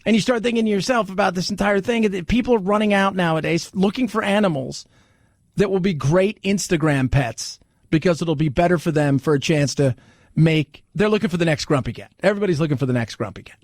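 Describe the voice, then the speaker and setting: A man's voice: high-pitched, a little fast, no echo, studio quality. A man hosting a talk radio show, chatting casually in a wry, sarcastic way.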